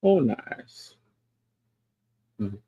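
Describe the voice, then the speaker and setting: A man hosting a casual livestream, chatting about his toys in an animated, talkative way, laughing often and swearing now and then. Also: very slow, dry recording, narrow, tinny audio. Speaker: livestream host.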